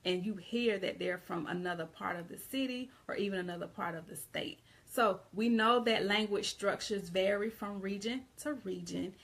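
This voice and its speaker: A woman with a Southern American accent talks through an English grammar lesson in a loose, conversational way. Her voice has a gravelly edge, and her pitch sits in the middle. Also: moderate pace, few pauses, fairly bright tone. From Southern United States. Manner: conversational, repeats and restarts phrases. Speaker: English teacher. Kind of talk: casual online grammar lesson.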